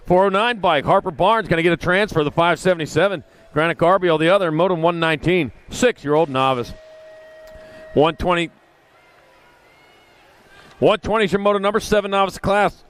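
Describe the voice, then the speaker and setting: A man's voice: high voice, normal speed. A man calling a kids' bike race live, folksy and chatty, with rambling asides. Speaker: race announcer. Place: outdoor race track.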